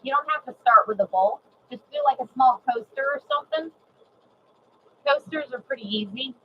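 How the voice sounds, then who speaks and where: A woman giving a live sewing demonstration, chatty and excitable, repeating herself and greeting viewers. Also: high voice, moderate pace, highs cut off, a little hiss or hum. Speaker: sewing instructor.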